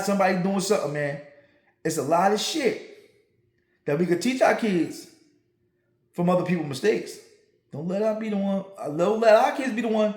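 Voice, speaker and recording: Man, podcast host, high voice, very animated pitch, profane and blunt, echoey room. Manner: profane, blunt, emphatic, keeps asking "right?". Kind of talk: casual monologue to listeners.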